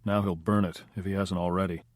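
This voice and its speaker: A man reading an audiobook, voicing a calm, wisecracking tough guy in a dry, even way. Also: low voice, brisk, no echo. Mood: cool. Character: cool, unflappable male Hollywood operator.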